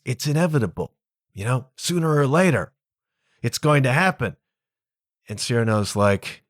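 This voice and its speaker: A man hosting his own podcast, retelling a famous play scene in a casual, emphatic, animated monologue with bits of slang. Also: mid-range voice, dry recording, clean studio sound. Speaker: podcast host.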